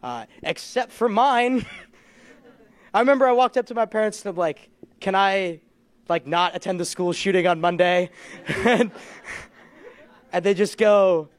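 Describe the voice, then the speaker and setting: A young man on stage doing stand-up, his voice sitting notably high for a man. He rambles through self-deprecating stories, chuckling at his own lines. The sound is dry and close, with little room echo. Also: a little slow, pauses often. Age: young adult. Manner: rambling, self-deprecating storytelling with frequent laughs. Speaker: stand-up comedian. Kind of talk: stand-up comedy set. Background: audience laughter.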